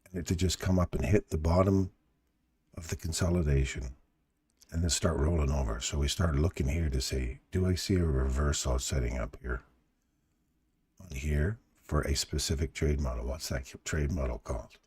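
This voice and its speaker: A man's voice: extremely low pitch, moderate pace, breathy edge, no room sound. A man hosting a live trading stream in his groggy morning voice, musing and chatting casually with viewers as he reads the charts. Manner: relaxed, musing, chats to viewers.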